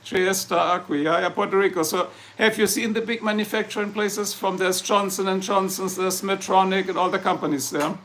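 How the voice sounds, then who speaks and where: This German man with a German accent hosts a casual livestream, answering viewer comments in a rambling, jokey way. His high voice holds a steady tone and sounds a bit bright, and he talks briskly with hardly any pauses. There's a little hiss or hum on the recording.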